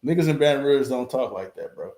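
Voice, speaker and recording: A man's voice: mid-range voice, animated, fast, dark tone. Man ranting bluntly in a roomy room. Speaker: reaction video host. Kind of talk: casual reaction commentary. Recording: roomy echo.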